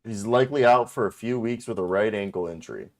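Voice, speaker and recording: A man's voice: on the low side, fast, darkish tone. A man co-hosting a basketball podcast in casual chat, teasing and joking. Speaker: podcast co-host.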